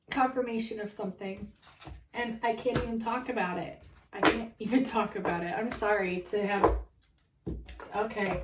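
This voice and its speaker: A woman's voice: medium pitch, steady tone, moderate pace, reverberant, distant mic, slight background noise, low-quality recording. A woman giving a casual spiritual card reading to her viewers, emotional and overwhelmed, swearing and laughing between cards. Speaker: tarot card reader.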